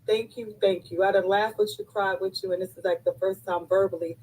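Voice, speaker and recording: A woman's voice: mid-range voice, fairly even intonation, brisk, a little mellow, breathy edge, low-quality recording. A woman in her fifties on a live call, tearful and effusive, thanking the host over and over. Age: 50s. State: crying. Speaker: caller on a live stream.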